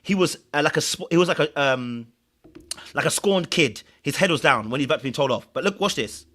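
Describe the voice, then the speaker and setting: High bright-voiced man breaking down clips. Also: fairly quick. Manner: explanatory, animated, repeats phrases. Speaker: host and commentator. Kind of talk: reaction commentary on reality TV clips.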